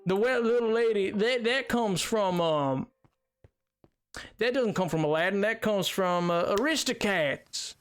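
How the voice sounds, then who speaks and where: A man's voice: sits high, expressive, unhurried, clean tone. A young man chatting casually while streaming a game, self-mocking and laughing often. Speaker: gaming streamer.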